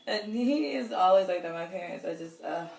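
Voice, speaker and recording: A woman's voice: on the low side, expressive, moderate pace, creaky, darkish tone. A woman in her thirties casually telling a personal story, rambling with lots of fillers. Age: 30s. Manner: chatty, rambling, many fillers and laughs. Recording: roomy echo, distant from the mic, faint noise.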